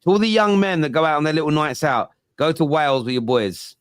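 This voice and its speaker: A man's voice: fairly high pitch, expressive, fast talker, clean tone, dry recording. Male, late 30s, London accent. Jokey fan-podcast host, dry mic. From England. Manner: jokey, banters and reads out viewer comments. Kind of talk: casual fan podcast debate.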